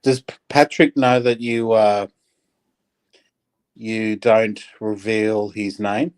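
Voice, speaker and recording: A man's voice: fairly low pitch, level tone, slow pace, a little mellow, clean tone. A man joining a livestream by call, mostly giving short, agreeable replies and questions. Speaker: guest on a call. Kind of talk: casual call-in chat.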